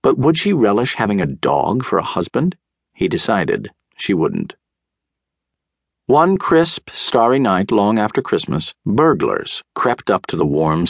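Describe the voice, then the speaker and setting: A man narrating a children's audiobook in a measured, unhurried storytelling manner, on a close studio mic. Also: low-pitched, no room sound.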